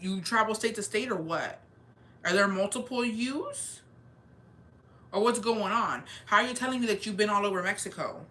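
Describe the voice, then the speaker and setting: Bright-voiced young woman telling a story. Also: mid-range voice. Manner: animated, swearing, slangy, mixes in Spanish. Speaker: storyteller vlogger. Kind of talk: casual storytelling.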